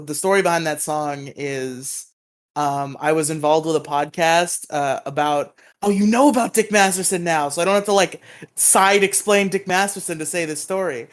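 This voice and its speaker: Podcast co-host, male, fairly high voice, rambling and self-deprecating, laughs a lot, voice-call audio. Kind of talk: casual chat. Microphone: voice chat call.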